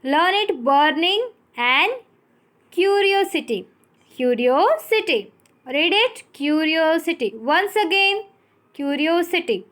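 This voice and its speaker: A woman teacher with an Indian English accent, giving a recorded English lesson, explaining words slowly and spelling them out letter by letter. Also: extremely high pitch, expressive, fairly bright tone.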